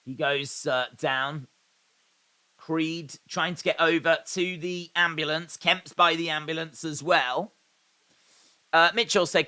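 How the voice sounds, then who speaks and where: This live stream host reacting to wrestling speaks slowly and steadily in a fairly high, clean voice that sounds pushed and bright. He calls the action and reads viewers' comments aloud, his humour dry and sarcastic.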